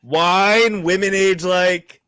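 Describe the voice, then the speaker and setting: A man rambles through podcast banter, full of fillers and quick laughs. His voice sounds dry and close, with no room echo. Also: sits high, steady tone, sharp tone, clear, resonant tone. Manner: rambling, giggly, filler-heavy. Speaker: podcast co-host.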